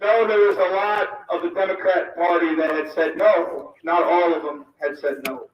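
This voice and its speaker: A man's voice: a little high, fairly even intonation, normal speed, muffled recording, a little hiss or hum. A man speaking to a rally crowd, reading a list of names aloud, apologizing for mispronouncing them and pressing his points with emphasis. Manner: emphatic, calls out lines. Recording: roomy, distant mic, loud crowd.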